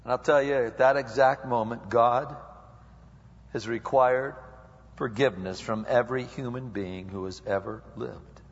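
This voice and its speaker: A male preacher giving a lively sermon that acts out quotes and dialogue, recorded in an echoey hall with dull lo-fi sound. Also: mid-range voice, measured pace.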